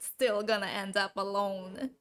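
A woman's voice: medium pitch, fairly even intonation, unhurried, a bit bright, faint music behind. A woman reacting to a TV drama, emotional and gushing, cursing freely in casual commentary.

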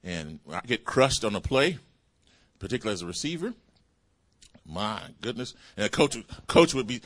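A man preaching a sermon as pastor, calling out hallelujah and praise the Lord as his pitch swings up and down. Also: sing-song, a little fast, fairly bright tone. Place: church sanctuary.

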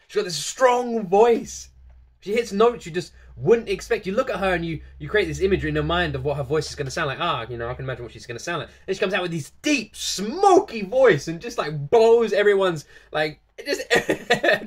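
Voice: mid-range voice, breathy edge. A reaction video host talking casually to camera, gushing over a singer, repeating phrases again and again and breaking into laughter.

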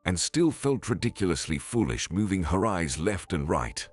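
A man narrating a scripted story in an expressive storytelling manner. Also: sits low, normal speed, slightly rough. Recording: faint background music.

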